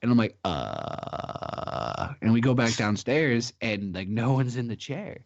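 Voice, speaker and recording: A young man with a mid-range voice tells a creepy story in a relaxed way and laughs along as he goes. His mic sounds a little dull and lo-fi. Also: medium pitch, normal speed, no room sound. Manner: laid-back, laughs through his story. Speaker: podcast co-host. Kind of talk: casual chat, telling ghost stories.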